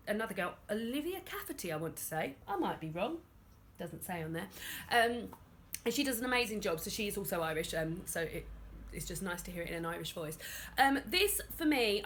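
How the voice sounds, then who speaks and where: A woman's voice: medium pitch, a bit bright, slight background noise. A young woman chatting about books she has read, enthusiastic, with lots of ums and restarts. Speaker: book vlogger. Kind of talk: casual book review chat.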